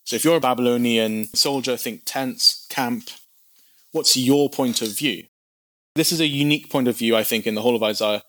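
A man's voice: medium pitch, a bit bright, no room sound. Chatty man teaching scripture. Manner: conversational, explains with questions. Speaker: Bible teacher. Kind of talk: verse-by-verse teaching.

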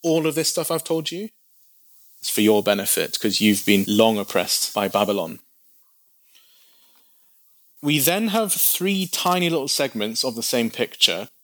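A man's voice: mid-range voice, a bit bright, dry recording. A man teaching a Bible passage verse by verse, in a conversational way that asks the listener questions as he explains.

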